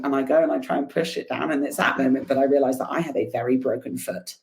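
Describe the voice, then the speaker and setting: A woman guest on a podcast, telling a personal story in an animated, chatty way with laughs and fillers. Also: extremely low pitch, fast talker, hardly any pauses. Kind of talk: casual storytelling interview.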